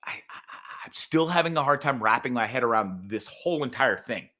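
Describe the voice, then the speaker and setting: A man hosting his own show, telling a story in a profane, animated rant with sudden loud outbursts. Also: medium pitch, a little fast. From Canada. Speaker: podcast host. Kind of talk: casual ranting monologue.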